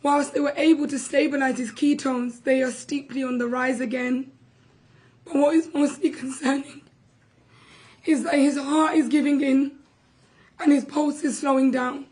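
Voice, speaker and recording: A young woman, hoarse and losing her voice, giving an impassioned, urgent speech at a press conference about a relative on hunger strike. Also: high voice, steady tone, moderate pace, darkish tone, low-quality recording.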